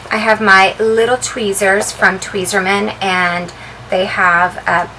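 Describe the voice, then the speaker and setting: A woman vlogger chatting casually as she shows the contents of her handbag, relaxed and full of ums and uhs. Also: medium pitch, slow, slight background noise, poor audio. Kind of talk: casual show-and-tell vlog.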